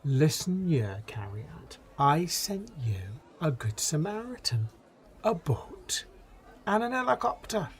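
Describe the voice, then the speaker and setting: A man voicing God as an exasperated old Welshman with a Welsh accent, speaking in a low, drawn-out, scolding voice. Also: very animated, full character voice.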